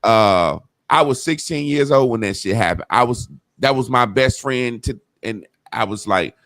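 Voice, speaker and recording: A man's voice: mid-range voice, animated, normal speed, hardly any pauses, a bit bright, dry recording. A man telling a childhood story in casual, profane talk, acting out the people he quotes. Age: adult.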